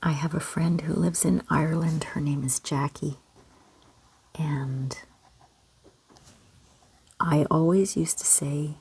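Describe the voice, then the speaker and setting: A gentle, encouraging woman from Canada, talking kids through a step-by-step drawing lesson in a soft voice. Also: sits low, fairly even intonation, slow pace, long pauses, slightly rough. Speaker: children's art teacher.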